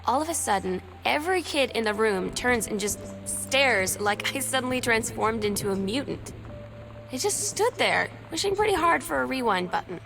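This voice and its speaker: A woman's voice: fairly high pitch, gravelly, a bit bright, rough recording. An actress voicing a teenage girl, new at school, telling a rueful story in dry, wry narration over game music. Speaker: game character's recorded journal. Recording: game audio with music underneath.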